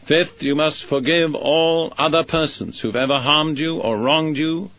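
A male preacher delivering a sermon and leading a prayer, speaking slowly and deliberately, phrase by phrase. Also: a little high, fairly even intonation, a bit bright, no echo, dull audio. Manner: slow, measured, deliberate phrasing.

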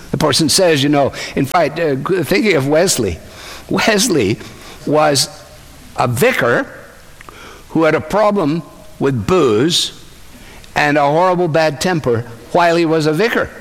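A man's voice: medium pitch, vocal fry. A man preaching a sermon, explaining a passage in a conversational way with asides to his listeners. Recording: long hall reverb.

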